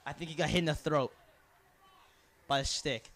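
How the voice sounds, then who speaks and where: A teenage male student doing color commentary for a school lacrosse game, rambling off topic and bursting into shouts at big plays. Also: a little high, normal speed. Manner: rambling and excitable, prone to tangents and sudden shouts. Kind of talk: student sports broadcast commentary.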